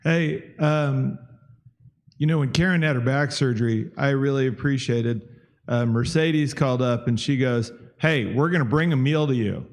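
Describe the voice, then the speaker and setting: A man's voice: medium pitch, moderate pace. Chatty man sharing in a church class. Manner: chatty, many "you know" fillers. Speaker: class member. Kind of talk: casual group discussion.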